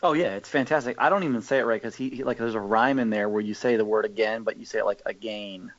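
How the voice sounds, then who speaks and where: Chatty man, dull lo-fi sound. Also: fast. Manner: animated storyteller, mimics people in a higher voice. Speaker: podcast co-host. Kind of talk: casual chat. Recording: dull lo-fi audio.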